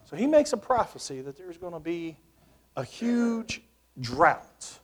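High-voiced preacher swinging loud to hushed. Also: male voice, big pitch swings, measured pace. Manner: dramatic swings from loud emphasis to near-whispers; reads scripture aloud in King James wording. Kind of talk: sermon with scripture reading.

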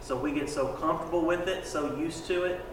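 A man's voice: fairly high pitch, brisk, noisy background. A man in a Bible class, answering reflectively and searching for his words. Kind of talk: class discussion. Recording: distant voice in an echoey hall.

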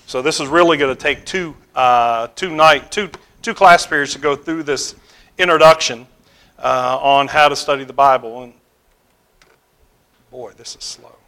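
A man teaching a Bible class, putting questions to the students and pausing with fillers. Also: mid-range voice, bright, forceful tone.

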